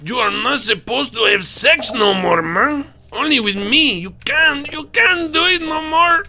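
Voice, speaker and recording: A man doing a shrill jilted husband. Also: animated, measured pace, vocal fry, a little hiss or hum, exaggerated voice. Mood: outraged pleading. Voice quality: high strained shouting. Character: jilted adult husband, yelling, wounded.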